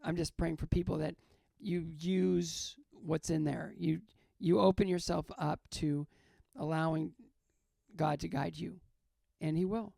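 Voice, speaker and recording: An older man, a guest in an interview, talking earnestly about faith, halting and repeating his phrases. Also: a little high, steady tone, creaky, warm tone, no echo, clean studio sound. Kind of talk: reflective faith talk in an interview.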